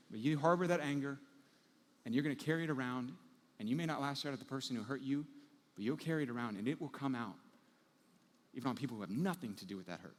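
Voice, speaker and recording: A man preaching a sermon as pastor, telling everyday scenes with lively acted-out moments. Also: medium pitch, fast talker, long reverb tail. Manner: animated storytelling, acting out everyday scenes.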